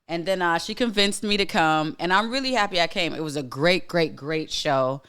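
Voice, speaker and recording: A man's voice: a little high, normal speed, hardly any pauses, pushed and bright, clear, resonant tone. A man hosting a casual monologue podcast, talking bluntly and emphatically, repeating lines for weight and restarting sentences often. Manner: frequent restarts and filler words. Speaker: podcast host.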